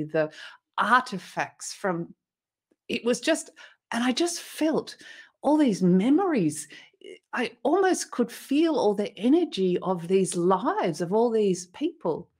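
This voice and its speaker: A woman's voice: mid-range voice, expressive, slow, a little mellow. A woman guest in an interview, earnestly retelling a personal experience with emotion and small restarts. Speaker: interview guest, motivational speaker.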